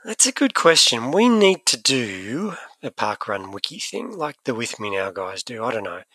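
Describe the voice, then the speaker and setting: A man's voice: mid-range voice, very animated, moderate pace, pushed and bright, no echo. A man co-hosting a podcast, chatting casually and animatedly, often restarting his sentences. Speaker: podcast co-host. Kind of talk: casual chat.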